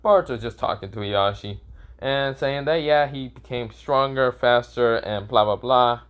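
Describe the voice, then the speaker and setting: Young male storyteller, mid pitch, rambling with lots of self-corrections. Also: normal speed, smooth. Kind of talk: improvised fan story narration.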